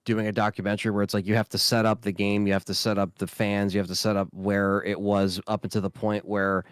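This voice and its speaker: A man's voice: lowish voice, level tone, fast talker, smooth, no room sound, clean studio sound. A man co-hosting a casual gaming podcast, easygoing and hesitant, often restarting his sentences. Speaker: podcast co-host.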